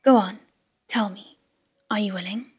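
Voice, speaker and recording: A man's voice: sits high, steady tone, unhurried, breathy edge, soft background music, heavily acted. A woman reading aloud and voicing a cold, contemptuous young man in whispered role-play. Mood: bitter. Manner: cold, cutting.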